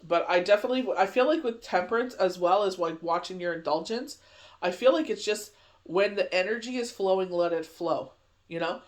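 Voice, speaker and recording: A man with a notably high voice talks through a daily tarot reading. He rambles in a loose, chatty way, circling back with friendly filler phrases as he goes. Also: brisk. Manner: rambling, chatty, heavy on "you know" fillers. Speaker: tarot reader.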